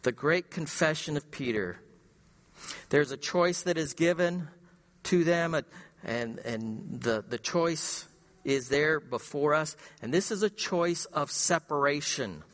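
A male pastor preaching a sermon, emphatic, firing rhetorical questions and swinging between loud and hushed delivery. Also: on the high side, slow pace, long reverb tail.

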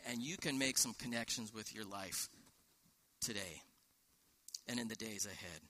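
A man's voice: on the low side, moderate pace, pushed and bright. A man preaching a sermon in a church, walking through a scripture passage with rhetorical questions and quoted verses. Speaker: pastor.

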